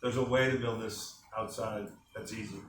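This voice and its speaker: A man's voice: on the low side, steady tone, normal speed, a bit bright. A man giving an enthusiastic sales presentation to a small group, asking the room questions as he goes. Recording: echoey room from a distant mic with faint noise.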